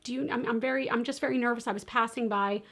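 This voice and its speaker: A young woman with a slightly high voice tells a long personal story while doing her makeup. She talks in a lively, casual way and mimics the people she quotes. Her laughter breaks in here and there. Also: quick pace. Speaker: beauty vlogger.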